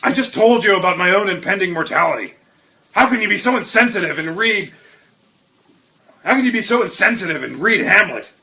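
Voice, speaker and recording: Male actor as a mopey comedy-sketch dog, raspy bright edge, whiny delivery. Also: high-pitched, animated, brisk, full character voice. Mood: gloomy, whiny. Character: glum talking male dog sidekick. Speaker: co-host sidekick.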